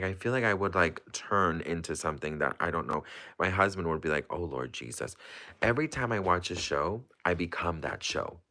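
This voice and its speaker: A low-voiced man chats loosely through a livestream, answering viewers' questions and piling up fillers and restarts as he goes. His voice sits deep but carries a bright, forceful edge. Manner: chatty and rambling, heavy with fillers and restarts. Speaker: livestream host. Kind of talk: casual livestream chat, answering viewer comments.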